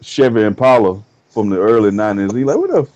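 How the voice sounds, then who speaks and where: A man's voice: lowish voice, steady tone, fast, a little mellow. Rambling man telling jokey stories. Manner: rambling storytelling, profane. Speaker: podcast co-host. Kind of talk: casual comedic banter.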